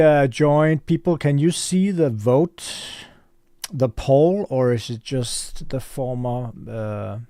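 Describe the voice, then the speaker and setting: A man's voice: medium pitch, warm tone, no echo. Rambling man chatting on a livestream. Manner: rambling, thinks aloud, reads chat. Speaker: store owner livestreaming. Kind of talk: casual livestream chat.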